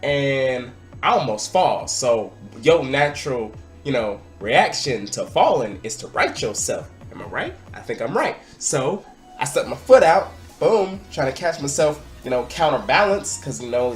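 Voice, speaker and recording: A young man vlogging, telling a party story in a casual, excitable way and sometimes shouting out what people said. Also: mid-range voice, a little slow, soft background music. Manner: animated, excitable, breaks into loud acted-out quotes.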